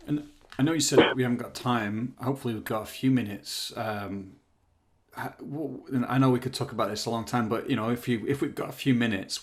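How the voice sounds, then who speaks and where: Low-voiced male podcast host. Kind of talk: conversational interview.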